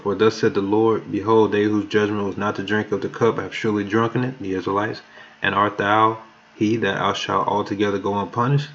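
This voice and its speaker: A man's voice: on the low side, a bit bright. Guy preaching hard, reading verses out, tripping on words sometimes, dull muffled recording. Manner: emphatic, reads verses aloud and stumbles over words. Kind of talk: sermon with scripture reading.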